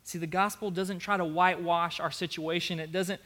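A man's voice: high voice, fairly even intonation, normal speed, bright, forceful tone. A man preaching a sermon as pastor, earnest and emphatic, repeating his key phrases.

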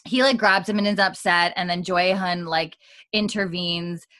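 Low-voiced woman, casual podcast co-host, rambling recap full of fillers. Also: normal speed, fairly bright tone. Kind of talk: casual chat.

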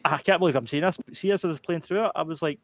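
A young man on a gaming podcast, telling a long story in a rambling, animated way with lots of fillers and restarts. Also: a little high, rapid-fire, no echo. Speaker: podcast panelist. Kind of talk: casual chat.

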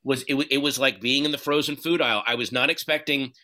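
Bright-voiced man talking earnestly. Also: mid-range voice. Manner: earnest, halting, profane, animated retelling. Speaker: guest. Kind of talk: candid conversational interview.

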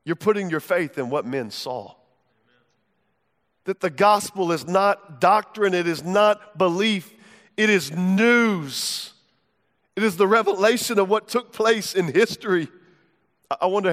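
High-voiced preacher in a reverberant hall. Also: male voice, fairly bright tone. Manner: fervent, conversational preaching with direct questions to the crowd. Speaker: pastor. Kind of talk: sermon.

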